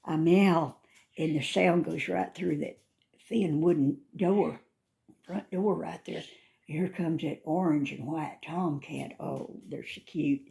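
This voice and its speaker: An older woman chatting casually into her phone, rambling and calling to cats in a high sing-song. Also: fairly even intonation, slow, vocal fry, dark tone. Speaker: vlogger. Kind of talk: casual chat. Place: outdoors by a front door, then back indoors. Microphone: phone held in hand.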